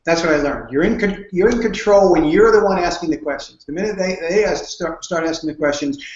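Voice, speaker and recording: Guy with a high voice giving earnest advice, talks in stories, lots of restarts, kinda dull muffled line. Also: fairly quick. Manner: storytelling, earnest, with frequent restarts. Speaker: guest speaker on network marketing. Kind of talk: conversational interview answers. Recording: dull, roomy sound.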